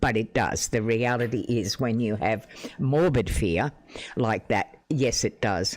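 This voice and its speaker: A man's voice: mid-range voice, a little slow. Rambling man chatting on stream. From Australia. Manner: chatty and rambling, laughs often, restarts sentences. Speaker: live streamer. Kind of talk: casual live-stream chat with viewers. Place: home room. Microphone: desk microphone.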